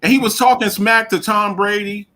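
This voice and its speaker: A man's voice: high-pitched, fairly even intonation, moderate pace, pushed and bright. A man co-hosting a radio show, talking sports in a casual, emphatic way, often repeating himself and laughing.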